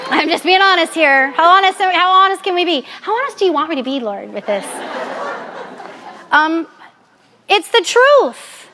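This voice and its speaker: A woman in her forties giving a candid, animated personal faith talk to an audience as a Catholic speaker, mixing in jokes. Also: extremely high pitch, moderate pace, pauses often, crowd noise, background noise.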